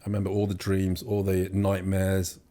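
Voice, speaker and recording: A man's voice: low voice, monotone, normal speed, dark tone. A young man telling his story as an interview guest, rambling with many fillers and restarts. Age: young adult. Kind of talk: casual storytelling.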